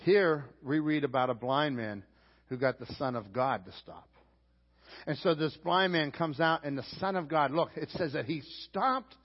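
A pastor with a Pittsburgh accent preaching a sermon, animated, acting out shouted lines from the text. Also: male voice, on the high side, moderate pace, breathy edge. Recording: dull sound with long hall reverb.

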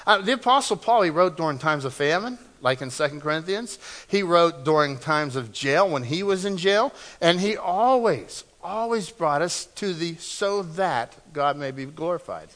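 A male pastor with a fairly high, bright voice preaches an earnest sermon and asks the congregation to repeat after him. He swings from forceful emphasis to quiet, hushed phrases. The voice rings with the long reverb of a church hall. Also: animated, normal speed, few pauses. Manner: earnest, leads congregation in call-and-response; swings between loud emphasis and soft, hushed lines. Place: church sanctuary.

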